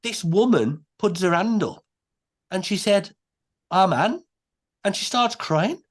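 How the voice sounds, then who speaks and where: A man, a podcast guest telling a story in a casual, animated way. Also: sits high, slow pace. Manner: animated, many restarts and quoted voices.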